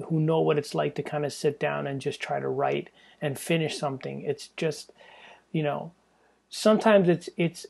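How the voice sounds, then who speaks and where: A man's voice: a little high, creaky, darkish tone. A man hosting his own podcast, talking alone in a loose, rambling way with self-deprecating jokes and profane asides. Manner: drops into a mock English accent for jokes. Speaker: podcast host. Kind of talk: casual solo podcast monologue.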